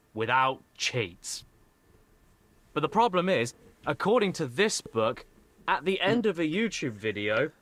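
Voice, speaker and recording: A man playing a smug version of himself in a comedy skit, with a slow deadpan delivery. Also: mid-range voice.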